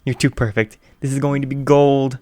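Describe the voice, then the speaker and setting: A man's voice: mid-range voice, level tone, normal speed, warm tone, dry recording, close to an everyday voice. A man voicing a mischievous, pushy young woman who schemes with glee. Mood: gleeful. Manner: bossy, gleeful, pushy.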